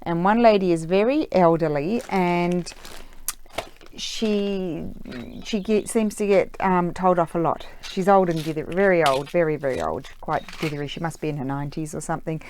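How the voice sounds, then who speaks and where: Woman craft vlogger, low-ish pitch, casual rambling chat full of fillers, home room. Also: moderate pace, darkish tone, slight background noise. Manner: rambling, chatty, many ums and uhs. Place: room at home with window open.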